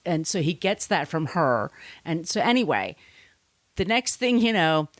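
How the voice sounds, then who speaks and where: Podcast co-host, woman, lower register, conversational plot recap, dry close mic. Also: very animated, measured pace, no echo. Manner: retelling a plot with quoted character voices. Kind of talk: casual chat.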